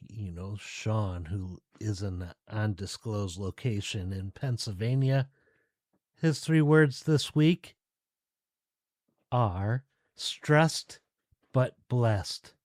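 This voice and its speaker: A male podcast host talks alone to his audience in a casual, relaxed, chatty way. His voice is warm and dark, and his pace is unhurried. The recording is dry and close. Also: medium pitch, no echo. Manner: relaxed, chatty, addresses listeners directly. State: tired, yawning. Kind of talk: casual solo podcast talk.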